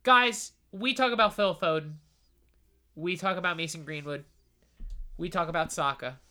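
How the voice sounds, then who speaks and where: Loud, teasing podcast co-host with bright voice. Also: medium pitch, normal speed. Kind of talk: casual football chat.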